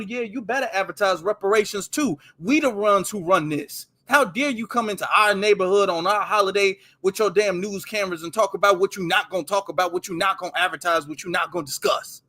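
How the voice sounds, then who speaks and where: A man's voice: high-pitched, pushed and bright. A man hosting his channel, giving emphatic, repetitive casual commentary over a video he plays. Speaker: host commenting on street footage.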